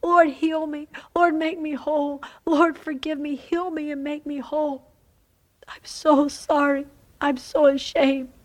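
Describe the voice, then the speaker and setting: A woman's voice: high voice, level tone, a little slow, voice pushed up. A woman voicing an ashamed repentant young woman who begs forgiveness in short, repeated pleading prayers. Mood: remorseful.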